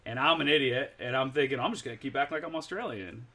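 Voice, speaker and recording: A young man's mid-pitched voice, neither high nor low, on a relaxed podcast. He tells a long anecdote, stops to correct himself, and laughs his way through it. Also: fast talker. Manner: rambling, self-correcting, laughs mid-story. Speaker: podcast guest. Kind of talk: casual storytelling chat.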